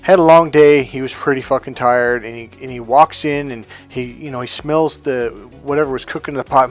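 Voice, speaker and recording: A man's voice: mid-range voice, steady tone, brisk, few pauses, faint music behind. A man and dating coach telling a casual anecdote in a rambling, profane way, with many restarts.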